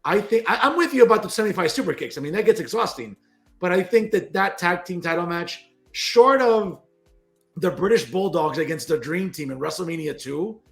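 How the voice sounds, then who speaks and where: Male cohost, gravelly and slightly high, earnest debater, faint background music. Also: lively intonation, fairly quick. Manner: earnest, building his argument. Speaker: podcast co-host. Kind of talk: casual panel debate.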